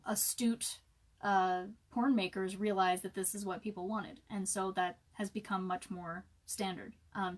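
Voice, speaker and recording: Chatty woman in casual talk. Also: mid-range voice. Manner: chatty, filler-heavy, upbeat. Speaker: author answering live chat. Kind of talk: casual live-stream chat.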